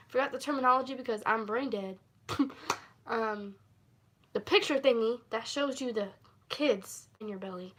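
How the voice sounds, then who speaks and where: Giggly rambling woman, slightly high voice. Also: moderate pace, a bit bright. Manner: rambling, giggly, lots of fillers. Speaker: livestream host. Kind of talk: casual story-time chat.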